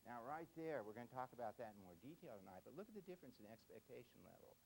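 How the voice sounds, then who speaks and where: A man's voice: medium pitch, very animated, fast, gravelly, slight background noise, rough recording. An older man giving a humorous parenting lecture, folksy, telling a story and tagging his points with "see?". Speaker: parenting speaker.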